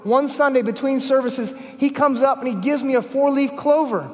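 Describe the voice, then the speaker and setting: In a large conference hall, a man with a very high voice preaches a sermon at normal speed. He's emphatic, repeats key phrases and tells stories, and a long hall reverb trails his words.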